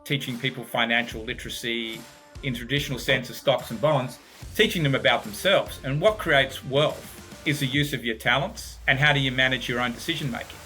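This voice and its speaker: Bright-voiced Australian man telling his story. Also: medium pitch, fairly quick, soft background music. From Sydney, Australia. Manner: reflective storytelling, repeats words at starts. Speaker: guest, business founder. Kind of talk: podcast interview.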